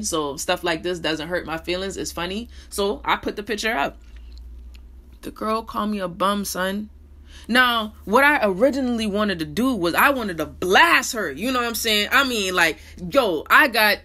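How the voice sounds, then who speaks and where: Bright-voiced animated woman vlogger. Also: mid-range voice, moderate pace. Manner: animated, swings between loud and hushed, slangy and blunt. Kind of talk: candid personal monologue.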